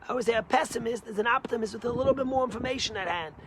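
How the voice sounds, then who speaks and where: A man, a rabbi, giving a short Torah lesson through stories, animated and emphatic with big swings in pitch and loudness. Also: very fast. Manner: energetic, emphatic.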